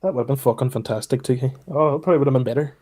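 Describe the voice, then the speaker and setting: A man, co-hosting a podcast in casual chat and telling stories with sweary, animated retellings. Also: medium pitch, very fast. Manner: animated storyteller, swears, mimics shrieks. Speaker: podcast co-host.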